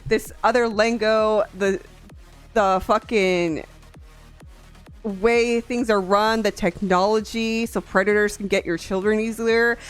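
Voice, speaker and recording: A woman from Tennessee chatting casually with her stream viewers, soft-voiced, swearing freely and laughing often. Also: mid-range voice, steady tone, slow pace, soft background music.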